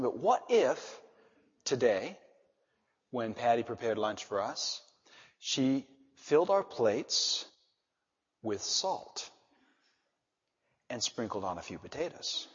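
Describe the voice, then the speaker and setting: A man preaching a sermon, his slightly husky voice swinging from soft asides to loud emphasis. The recording is dull and muffled, with a long reverb trailing each phrase. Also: medium pitch. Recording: dull reverberant hall sound.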